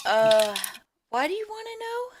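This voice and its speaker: A woman's voice: very high-pitched, big pitch swings, normal speed, noisy background, voice pushed up. A woman voicing Arwen, a polite, evasive adult male traveler, speaking hesitantly and courteously.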